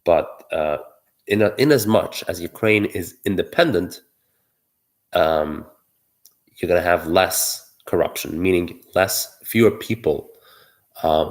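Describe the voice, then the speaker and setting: A man giving solo political commentary, arguing his point while thinking aloud, with many fillers and restarts. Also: low voice.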